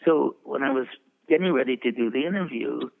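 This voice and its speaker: An older man in his eighties spins long, wandering show-business stories and keeps chuckling as he goes. His voice is deeply gravelly and full of fry. It reaches the listener through a thin, phone-like channel. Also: fairly quick. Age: 80s. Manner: chuckling, rambling storyteller. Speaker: veteran publicist guest. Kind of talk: anecdotal interview storytelling. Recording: tinny phone-like line.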